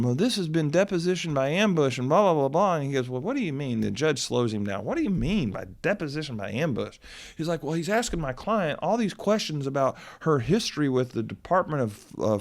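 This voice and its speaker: A middle-aged man, a lawyer co-hosting a podcast, telling a story in casual chat with many restarts and loud bursts when he quotes. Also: mid-range voice.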